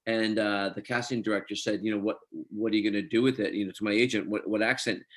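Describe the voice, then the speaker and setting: A man's voice: lowish voice, steady tone, fast, fairly bright tone. A middle-aged man from Scotland, an actor telling chatty anecdotes in an interview. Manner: chatty anecdotes, quotes others, laughs easily. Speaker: actor guest. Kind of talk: casual interview storytelling.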